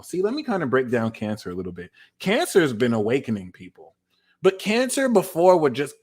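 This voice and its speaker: A man giving a casual, animated tarot reading, talking straight to his viewers with slangy asides. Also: medium pitch. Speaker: tarot reader.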